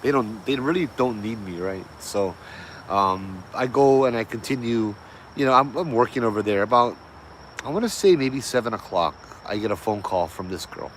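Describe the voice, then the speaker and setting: A man's voice: on the low side, animated, normal speed, slight background noise, rough recording. A middle-aged man, casually telling a ghost story in a loose, rambling way, correcting himself as he goes. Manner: easygoing, rambling with fillers and self-corrections.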